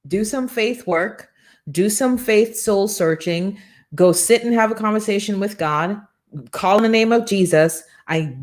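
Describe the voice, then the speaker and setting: A middle-aged woman hosting a morning livestream show, giving an energetic, preachy motivational talk and acting out little quoted exchanges. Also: mid-range voice.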